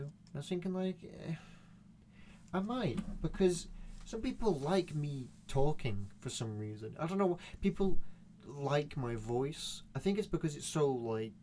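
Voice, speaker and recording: A young man talking to himself, wandering from topic to topic with lots of swearing and sudden animated jumps. His voice sits in an ordinary middle male pitch. It is a casual home recording with a faint hum behind him. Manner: profane, meandering, animated rants. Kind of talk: rambling solo monologue.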